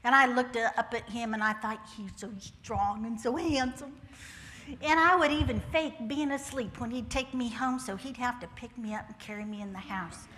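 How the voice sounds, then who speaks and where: An older woman delivers her church testimony fairly quickly with few pauses, folksy and joking, using Southern phrasing. Her slightly high, bright, forceful voice rings out with long reverb in the hall, over a little hiss or hum.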